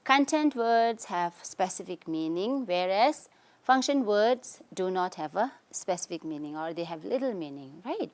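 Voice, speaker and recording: A woman's voice: mid-range voice, lively intonation, a little slow. Tibetan-accented woman teaching English grammar. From Tibetan community in India. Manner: explanatory, frequent "okay?" and "you can say" checks. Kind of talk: recorded lesson.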